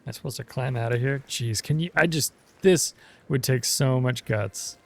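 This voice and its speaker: Chill guy talking over a game, gravelly voice, says dude a lot. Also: medium pitch, moderate pace. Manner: laid-back, chatty, says dude and jeez. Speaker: let's play host. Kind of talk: casual gameplay commentary.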